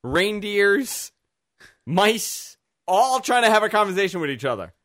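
A man co-hosts a call-in talk show, joking crudely and rambling with halting restarts. His voice sits fairly high and sounds dry and close to the mic. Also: big pitch swings, fairly bright tone, no room sound. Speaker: radio show co-host. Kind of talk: casual banter with crude jokes.

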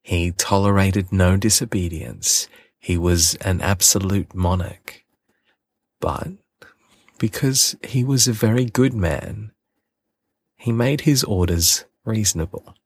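A man narrates a storybook with gentle, deliberate care. His voice is low and husky, taking its time over each phrase. The sound is dry and close, with no room around it. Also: no room sound. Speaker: audiobook reader. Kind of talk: storybook reading.

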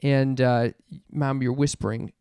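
A man's voice: medium pitch, level tone, unhurried, dark tone, smooth, no echo. Joking young man on a dry podcast mic. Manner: joking, teasing. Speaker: podcast co-host. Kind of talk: casual chat.

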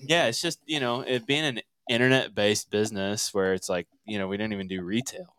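Man, podcast guest, relaxed rambling talk, lowish voice, dry studio mic. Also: a little fast, clean tone, no room sound. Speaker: guest business owner. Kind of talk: casual podcast conversation. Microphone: headset mic.

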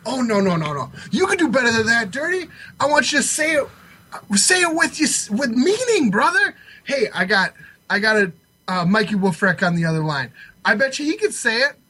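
A man voicing a pushy, fervent sports agent in a comedy podcast sketch, hoarse and preachy, yelling his catchphrase. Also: very high voice, sing-song, normal speed, full character voice. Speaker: podcast co-host.

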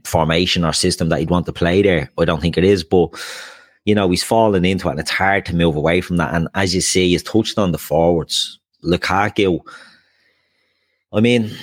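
A man with a very deep voice hosts a casual football chat. He talks things through loosely, filling pauses as he goes. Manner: conversational, hedging with fillers. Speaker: podcast host.

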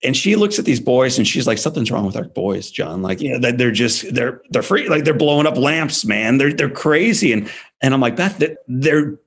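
A man in his forties telling his life story as an interview guest, emphatic and animated. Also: mid-range voice, fairly quick, few pauses, slightly rough. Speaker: guest speaker.

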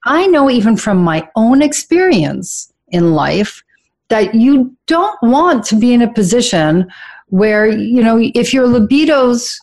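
A woman's voice: on the high side, sing-song, unhurried, darkish tone. A woman hosting a talk show, talking frankly and chattily about relationships and laughing easily.

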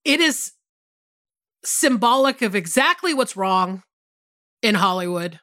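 A woman's voice: mid-range voice, expressive, slow, pushed and bright, no echo, studio quality. A woman co-hosting a podcast in casual chat, laughing often and reading out a listener email. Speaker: podcast co-host.

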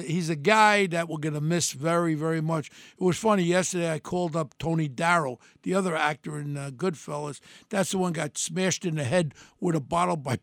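A man's voice: a little high, creaky, dry recording, studio quality. An older man hosting a podcast, talking in a blunt, rambling way with many restarts and fillers. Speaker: podcast host. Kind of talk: casual monologue.

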